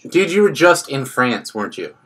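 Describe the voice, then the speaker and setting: A man's voice: medium pitch, very animated, moderate pace, a bit bright, breathy edge. A man in casual banter, teasing his co-host and laughing often. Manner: teasing, laughs a lot, says "like" and "dude".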